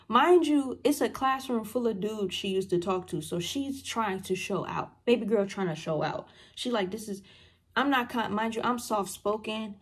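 A woman's voice: mid-range voice, unhurried, slightly rough. A young adult woman vlogging a storytime in a casual, slangy way, acting out what people said to her. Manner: animated, slangy storytelling that acts out what others said. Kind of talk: storytime vlog.

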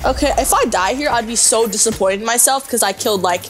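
Talking fast in a slightly high voice, a young woman hosts a gameplay segment with excited, panicky commentary, yelping and laughing between moves. Game music runs behind her, along with slight background noise.

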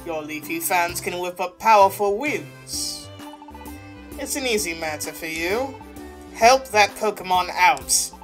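A woman voicing a stern psychic creature who leads a famous rescue team, speaking slowly and firmly. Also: fairly low pitch, expressive, faint music behind, voice pushed down. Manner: slow, stern, commanding.

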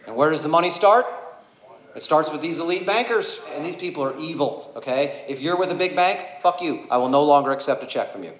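A man doing a stand-up comedy set, ranting and swearing and building to angry shouts. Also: on the high side, lively intonation, fairly quick. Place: comedy club stage before a laughing audience. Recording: roomy live venue sound.

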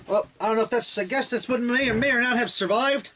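A man chatting casually while unboxing a gift, rambling and excitable, often laughing. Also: very high voice, quick pace, slight background noise. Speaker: toy blaster hobbyist unboxing a gift.

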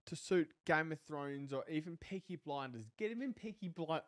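Excitable man swearing through gameplay. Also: fairly high pitch, normal speed, no room sound, studio quality. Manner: excitable, swears, shouts at the game. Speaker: gaming channel host. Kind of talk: live gameplay commentary.

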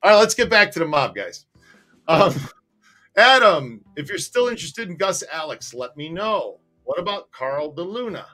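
A man co-hosting a relaxed livestream chat, with a voice sitting a bit higher than most men's. He tells stories animatedly and laughs often, with soft music faint in the background. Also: normal speed. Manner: animated, laughing storyteller reading viewer comments. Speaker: co-host. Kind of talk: casual livestream chat and storytelling.

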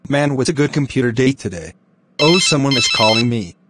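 A man's synthetic-sounding voice reading every part of a grounded video in a flat, robotic way. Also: medium pitch, brisk, heavy background noise. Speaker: narrator voicing all parts. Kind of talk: text-to-speech grounded-video narration.

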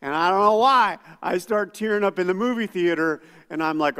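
A man's voice: sits high, fairly quick, few pauses, a bit bright, clear, resonant tone, long reverb tail. A man preaching a sermon as pastor, conversational and self-deprecating, with casual asides to the congregation. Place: church sanctuary.

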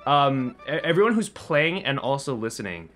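A man streaming a racing game with a friend, excitable, yelling and swearing at the game and meowing for fun. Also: mid-range voice, moderate pace, a little hiss or hum. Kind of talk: casual gaming stream chat.

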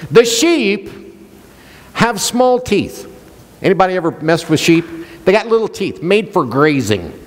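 A man's voice: sits high, sing-song, measured pace, big-room sound. A male pastor preaching a sermon, questioning the congregation and joking with them. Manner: playful, jokes and laughs.

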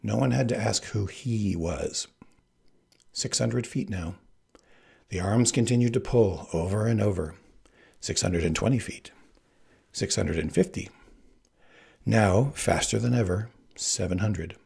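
A man reading a novel aloud in an expressive, animated way. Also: fairly low pitch, measured pace, vocal fry, pauses often, husky. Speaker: reader. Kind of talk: audiobook narration.

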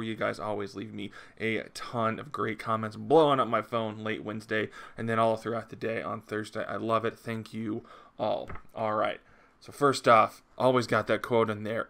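A man talks through a comic book review in a casual vlog. His lowish voice is gravelly and bright, and he sounds eager as he chats along with plenty of ums and uhs. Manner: enthusiastic, chatty, frequent uh and um fillers.

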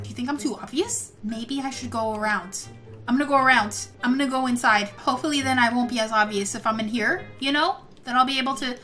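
Woman game host, high bright voice, dramatic gasping kid role-play, faint music under. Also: animated, normal speed. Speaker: gaming channel host.

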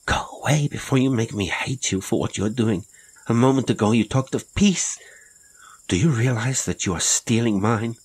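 A man's voice: fairly even intonation, a bit bright, slightly rough. A man voicing a grave, haunted woman. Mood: pleading. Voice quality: low, slow, grave. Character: grave, weary Spanish castaway woman, haunted.

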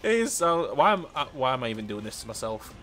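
A young British man streaming a game live, chatting playfully with viewers, laughing often and pleading in loud bursts. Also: mid-range voice, very animated, a little fast, faint music behind. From United Kingdom.

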